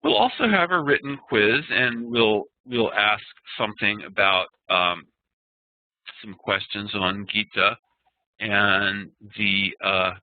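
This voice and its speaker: A man's voice: on the low side, no room sound. Man lecturing over tinny web call. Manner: explanatory, chants Sanskrit verses slowly. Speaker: Ayurveda teacher. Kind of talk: online class lecture. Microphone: video call.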